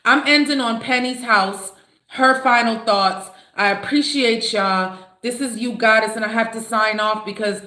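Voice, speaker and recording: A woman hosting a live reaction stream, reading viewers' comments aloud and answering them in an animated, talkative way. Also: on the high side, a little slow, roomy sound. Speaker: livestream host.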